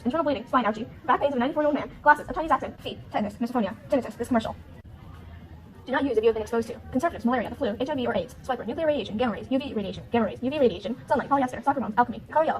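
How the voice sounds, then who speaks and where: A woman rattling off a rushed parody ad disclaimer in a breathless, rapid voice. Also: on the high side, low-quality recording. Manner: breathless, rushed list reading. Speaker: ad voice-over. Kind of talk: rapid-fire parody side-effects list.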